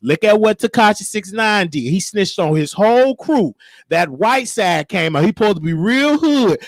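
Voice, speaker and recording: A man hosting a casual commentary show with a Chicago accent, talking animatedly and jumping into shrill voices for quotes. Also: moderate pace, no room sound, clean studio sound. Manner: animated, shifts into high shrieking voices for quotes. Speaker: show host.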